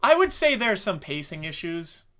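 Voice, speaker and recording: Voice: mid-range voice, very animated, moderate pace, fairly bright tone. A podcast co-host in casual anime review chat, swearing freely and mockingly acting out scenes.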